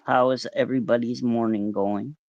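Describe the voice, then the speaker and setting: A man hosting a casual livestream, relaxed and rambling, greeting viewers by name as they join. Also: medium pitch, normal speed, no echo. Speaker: livestream host. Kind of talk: casual live-stream chat. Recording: dull, lo-fi, dry sound.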